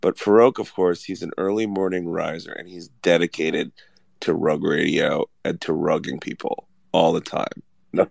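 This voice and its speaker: A man's voice: low voice, steady tone, normal speed, gravelly, no echo. A man who just woke up, joking and hyped, laughing often as a guest on a live show. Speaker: project co-founder guest. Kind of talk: casual chat.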